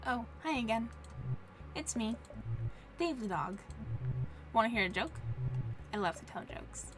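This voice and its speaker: A woman's voice: a little high, expressive, measured pace. A woman voicing a cheerful, simple-minded male ghost dog who talks eagerly and innocently, with game music behind.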